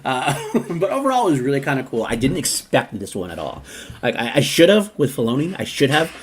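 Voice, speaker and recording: A man hosting a casual podcast chat, talking in an animated, rambling way with many restarts. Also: mid-range voice, brisk. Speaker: podcast host.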